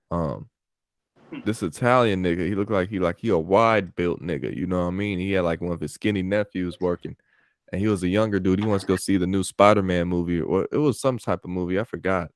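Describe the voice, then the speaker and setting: A young man from California with a deep, low voice tells stories in a loose, rambling way. He swears freely and keeps restarting his sentences. The sound is dry and close, with no room around it. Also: brisk, no echo. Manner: rambling, profane, lots of fillers and restarts. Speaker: podcast host. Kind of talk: casual storytelling chat. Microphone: call audio.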